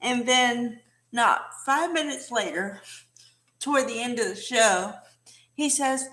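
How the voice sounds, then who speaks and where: Slow chatty woman recapping a soap. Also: fairly high pitch, animated, sharp tone. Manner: chatty, many fillers and asides. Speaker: soap opera recap host. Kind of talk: casual recap and commentary.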